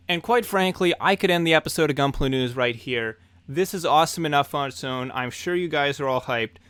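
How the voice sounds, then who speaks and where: A young man hosting a hobby news show, talking in an excited, enthusiastic way. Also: medium pitch, no room sound.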